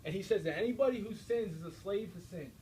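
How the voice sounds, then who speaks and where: Energetic high-voiced young man preaching. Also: fast talker, slight background noise, low-quality recording. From United States. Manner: energetic, direct, preachy, with frequent checks like "all right?". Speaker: speaker giving a faith talk. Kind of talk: live faith talk to a student audience. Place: university room before an audience.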